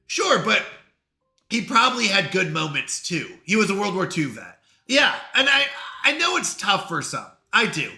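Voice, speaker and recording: A lively man with a high, bright voice talks casually with his viewers. He swings his pitch around as he acts out the people he quotes. The sound carries a noticeable room echo. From New York. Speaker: streamer. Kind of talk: casual chat with live chat.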